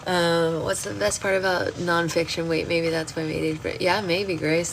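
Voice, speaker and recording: A woman's voice: fairly low pitch, steady tone, moderate pace, few pauses. Chatty woman livestream host with hiccups. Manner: chatty, greets viewers by name. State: has the hiccups. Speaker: book club host. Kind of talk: casual livestream chat. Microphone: phone livestream. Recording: loud background noise.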